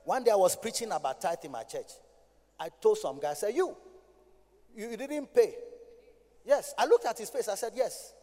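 High-voiced Ghanaian preacher in a hall. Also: male voice, very animated, quick pace. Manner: preaching that swings from low talk to loud shouting, sing-song. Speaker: pastor. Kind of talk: sermon. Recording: hall reverb.

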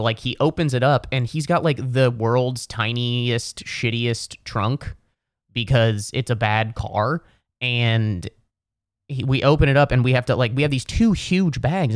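A man's voice: mid-range voice, clear, resonant tone, dry recording, clean studio sound. A young man hosting a casual solo podcast, telling stories in a profane, exasperated rant. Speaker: podcast host.

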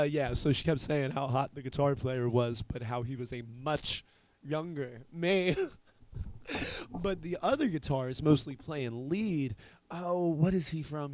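A man in his thirties hosting a podcast, telling a rambling, profane story in casual chat. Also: on the high side. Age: 30s. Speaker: podcast host.

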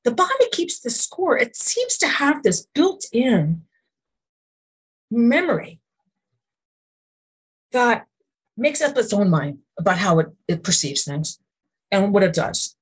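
On a podcast, a woman appearing as a guest, an emotion code practitioner, tells earnest stories rooted in faith, speaking of God and the Lord while often restarting and posing rhetorical questions. Her husky voice sits on the high side, swings widely in pitch, and moves slowly with frequent pauses.

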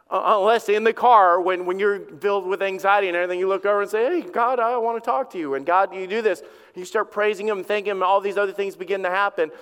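A man preaching a Sunday-style sermon with a high, clear, resonant voice. He talks to the congregation casually, stumbling over repeated words and acting out little conversations. The sound rings with long reverb from a church hall. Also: fairly bright tone. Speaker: lead pastor.

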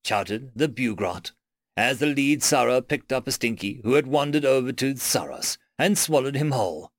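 A man reading short science-fiction stories aloud in an expressive narration. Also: medium pitch, unhurried, dry recording, clean studio sound. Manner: expressive reading with shifting tones. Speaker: story reader. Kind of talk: scripted narration.

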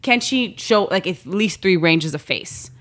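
Slangy, animated woman telling a story. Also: on the low side, a little slow. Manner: animated, slangy, laughs often, quotes herself. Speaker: guest, model. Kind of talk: casual storytelling chat.

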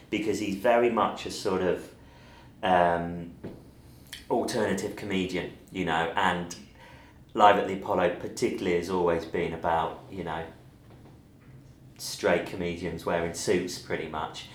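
Male guest, very deep voice, roomy room with light noise. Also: fairly even intonation, unhurried, pauses often. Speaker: radio guest. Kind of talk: casual chat.

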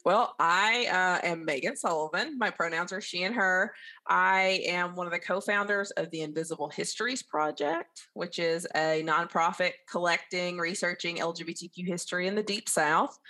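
A woman from northeast Alabama with a softened Southern Appalachian accent, chatting candidly as a podcast guest with a self-deprecating humor. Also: lowish voice, normal speed. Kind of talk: casual interview chat.

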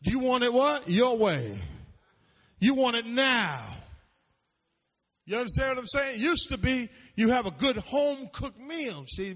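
Pastor guy with a real high voice preaching, call and response, big echoey church. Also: fairly bright tone. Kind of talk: sermon. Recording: long reverb of a large hall.

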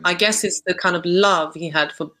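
A woman's voice: lowish voice, moderate pace, pushed and bright, poor audio. A woman guest on a podcast, talking reflectively and hesitantly, thinking aloud with many restarts. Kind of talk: reflective conversational interview.

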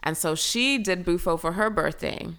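A young woman telling a personal story as a guest in a casual chat, full of fillers and lively retelling. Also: on the low side, normal speed, clear, resonant tone. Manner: chatty, filler-heavy, animated retelling.

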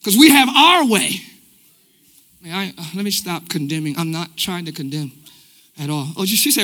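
A man preaching a live church sermon in a casual, energetic way, using everyday slang and talking straight to the congregation. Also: very high-pitched, fairly quick, creaky. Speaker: pastor. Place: church sanctuary.

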